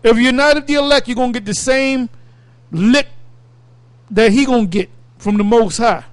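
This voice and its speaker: A man leading a Bible study, preaching in an animated, emphatic way and laughing between points. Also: very high-pitched, normal speed, clear, resonant tone, no echo. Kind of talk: fiery preaching commentary.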